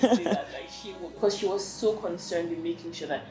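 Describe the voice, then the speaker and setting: Woman rattling off stories quick, music behind, echoey room. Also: fairly low pitch. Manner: rapid, filler-heavy chat with restarts. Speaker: guest bride. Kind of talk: casual chat.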